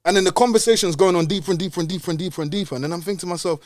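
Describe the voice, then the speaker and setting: A man rattles through a story at speed, his voice sitting high. He talks in loose street slang, swears freely and keeps the telling animated, as casual podcast chat. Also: rapid-fire, no room sound, studio quality.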